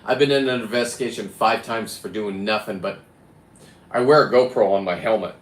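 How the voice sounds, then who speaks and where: A man's voice: lowish voice, fairly quick. A man chatting casually to camera about diving, rambling and blunt, with the odd swear word. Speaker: free diver and vlogger. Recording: roomy echo with faint background noise.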